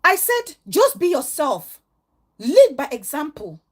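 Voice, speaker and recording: A woman's voice: high voice, big pitch swings, slow pace. A middle-aged woman vlogger giving an earnest, emotional and preachy monologue to her viewers. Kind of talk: heartfelt vlog monologue.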